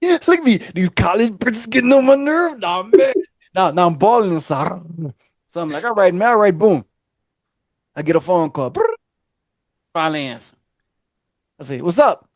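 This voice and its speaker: A man hosting a podcast, telling a long story in casual slang. He keeps slipping into high voices to act out the people in it. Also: lively intonation, normal speed, pauses often. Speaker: podcast host. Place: podcast studio.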